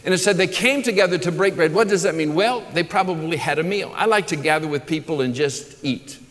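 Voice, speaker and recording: A man preaching to his congregation in an earnest, building way, stacking phrases one after another. His voice sits a little high for a man. The sound rings with long reverb from a large church hall. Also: fairly quick, fairly bright tone. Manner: earnest, repeats words and restarts, builds lists. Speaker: pastor. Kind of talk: sermon.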